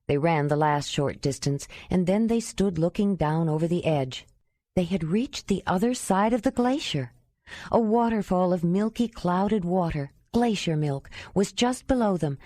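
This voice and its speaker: Mellow, low-voiced woman narrator. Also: dry recording. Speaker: audiobook narrator. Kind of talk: scripted narration.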